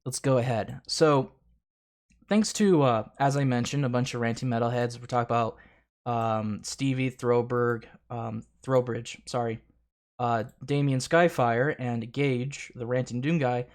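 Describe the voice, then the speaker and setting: A man's voice: medium pitch, unhurried. A man hosting a casual livestream, talking profanely and rambling, often laughing and tripping over restarts. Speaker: livestream host.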